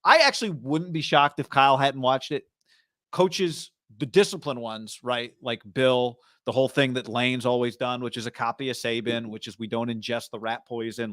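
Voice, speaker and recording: A man's voice: medium pitch, normal speed, a bit bright, dry recording, clean studio sound. A man co-hosting a casual sports talk show, talking in an emphatic, conversational way and acting out quotes.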